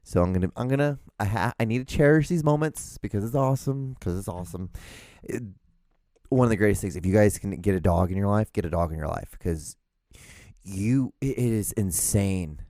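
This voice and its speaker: A man's voice: lowish voice, animated, brisk, mellow, no echo, clean studio sound. A man hosting a podcast from home, rambling casually with profanity and many restarts, and gushing about his dog. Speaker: podcast host.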